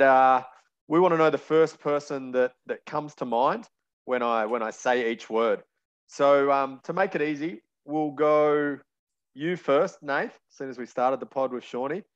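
Guy hosting a podcast, laid back and jokey, voice a touch high, sound kinda muffled. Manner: easygoing, joking, quick agreeing interjections. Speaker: podcast host. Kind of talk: casual podcast chat.

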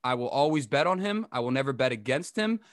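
A young adult man hosting a casual sports update to camera, rambling and chatty with quick asides. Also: mid-range voice, animated, dry recording, clean studio sound. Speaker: podcast host giving a sports update.

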